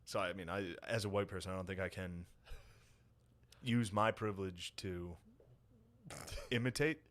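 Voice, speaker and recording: A man's voice: deep voice, normal speed, fairly bright tone. A man co-hosting a podcast, chatting casually with crude jokes and frequent laughter. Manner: crude, joking, laughs often. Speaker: podcast co-host. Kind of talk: casual chat.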